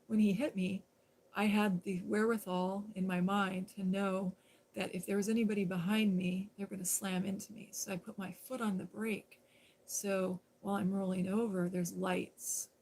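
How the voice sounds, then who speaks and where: On a live stream, a woman tells a personal story in a rambling, conversational way, full of fillers and restarts. Her voice has a medium pitch and a darkish tone, and the recording quality is low.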